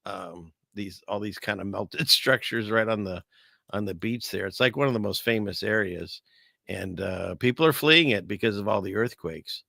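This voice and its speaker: A man on the low side, creaky yet pushed and bright, talks at a moderate pace in a clean, echo-free studio recording. Hosting a casual online livestream, he rambles jokily through news stories and reads viewers' chat aloud.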